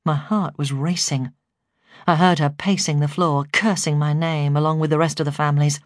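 A woman narrating a memoir in a calm, measured storytelling voice. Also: low voice, no room sound, clean studio sound. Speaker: audiobook narrator.

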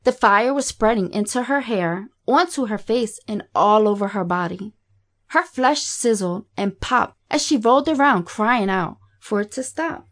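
A woman reading a graphic horror story aloud in a steady, matter-of-fact way. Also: medium pitch, measured pace. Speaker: narrator. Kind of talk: scripted horror story narration.

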